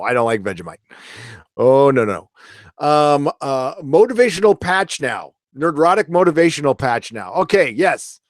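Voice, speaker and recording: A man's voice: on the high side, dry recording, clean studio sound. A man hosting a live stream, reading viewer comments in casual, rambling chat and swearing now and then.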